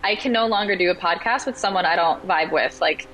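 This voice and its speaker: A woman's voice: lowish voice, brisk, a bit bright, dull audio, slight background noise. A woman guesting on a podcast, chatting casually and telling stories with lots of "like" and acted-out quotes. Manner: chatty storyteller, acts out quoted voices, says "like" often. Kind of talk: casual interview chat.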